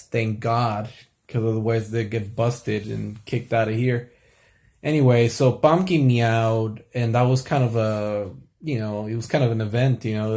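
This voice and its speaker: Young guy rambling late at night, lots of ums, soft mellow tone. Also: mid-range voice. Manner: rambling, many fillers and restarts. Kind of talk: casual late-night vlog.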